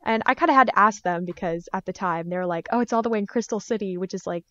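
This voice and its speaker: Lively young woman telling a story. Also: mid-range voice, quick pace, no room sound, lo-fi sound. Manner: lively storyteller, acts out her parents' voices. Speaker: guest, artist and fursuit maker. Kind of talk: casual podcast chat.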